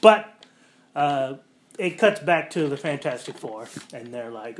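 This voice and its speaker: A man's voice: medium pitch, lively intonation, a little hiss or hum. Rambling male podcast host recapping plots. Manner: rambling plot recap full of fillers like um and like; acts out quotes in quick character voices. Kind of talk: casual podcast chat.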